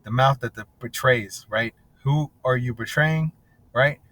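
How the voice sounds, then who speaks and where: A man's voice: mid-range voice, measured pace, fairly bright tone. A man teaching scripture in a blunt, casual, profane way, often asking "right?". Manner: blunt and profane, tags lines with "right?" and "bro".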